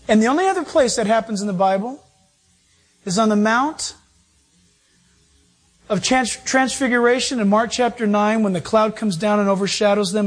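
A man preaching a sermon as pastor, animated and acting out quoted voices. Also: high voice, fairly quick.

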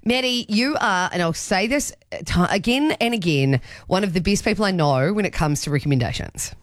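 A woman's voice: mid-range voice, lively intonation, moderate pace, dry recording, studio quality. A young woman co-hosting an afternoon radio show, chatting in a bubbly way and laughing often. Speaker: radio co-host. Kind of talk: casual radio chat. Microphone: studio mic.

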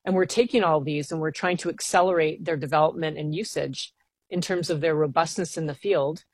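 Woman scientist, interview guest, low voice, earnest and keen, dry studio sound. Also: steady tone, brisk, dry recording. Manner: earnest, enthusiastic, explains at length. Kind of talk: radio interview.

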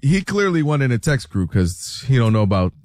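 A man's voice: mid-range voice, very animated, fairly quick, darkish tone, dry recording, studio quality, soft background music. A man hosting a sports talk show, bantering in a loose, joking way with his co-host and guest.

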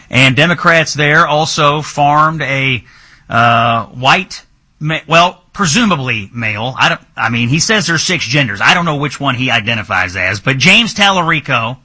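A man's voice: medium pitch, pushed and bright. A man hosting a political talk show, sardonic and emphatic, with an incredulous edge.

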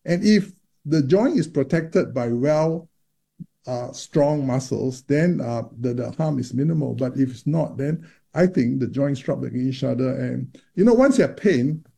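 Gravelly, dark-toned doctor explaining patiently. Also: male voice, medium pitch, animated, unhurried. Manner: explanatory, many repeated words and restarts. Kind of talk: interview about menopause research.

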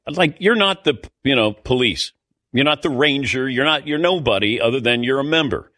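A man's voice: medium pitch, fairly bright tone, no room sound, studio quality. A middle-aged man hosting a sports talk show, telling a rambling, indignant, self-mocking story in a casual way. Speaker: sports radio host.

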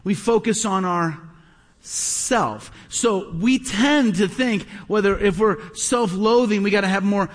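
A middle-aged man preaches from a church stage, his voice sitting high for a man. He drives his points home with repetition and questions to the congregation, and a long reverb trails his words through the large hall. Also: slow. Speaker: pastor. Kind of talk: sermon.

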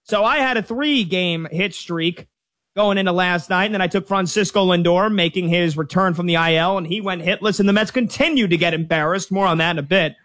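A man hosting a casual sports show with upbeat, quick patter. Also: high voice, a bit bright.

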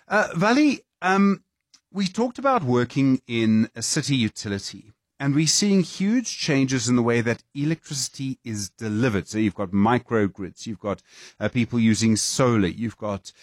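Male interview host, low voice, measured questions, dry close sound. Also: no room sound. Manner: measured, lots of quiet back-channel agreement.

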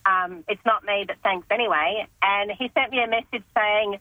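A woman's voice: medium pitch, moderate pace, bright, forceful tone, no echo, poor audio. A middle-aged woman calling in to radio, telling a story in a wry, matter-of-fact way. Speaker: caller. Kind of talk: phone-in story.

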